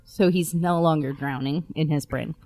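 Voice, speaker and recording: A woman's voice: low-pitched, steady tone, moderate pace, warm tone, faint music behind. A woman playing a tabletop role-playing game, talking in a casual, giggly, rambling way. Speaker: player.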